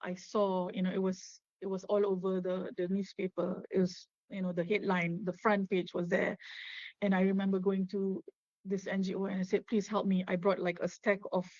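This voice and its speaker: Woman, middle-aged, flat even pitch, hesitant fillers, dull dry video-call audio. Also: no room sound. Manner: halting, many fillers and restarts. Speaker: guest, suicide loss survivor. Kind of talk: personal testimony on a webinar.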